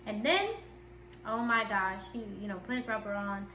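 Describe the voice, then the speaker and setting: A young woman vlogger tells a candid personal story, chatty and giggly, in a casual storytime chat. Her voice is mid-range and sharp-toned at a normal pace, recorded in an echoey room with slight background noise.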